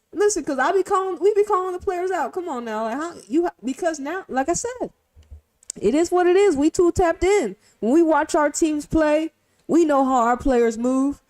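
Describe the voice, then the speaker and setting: High, lively woman streamer. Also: moderate pace. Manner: animated, swinging from loud to hushed; rhetorical questions. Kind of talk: casual profane commentary.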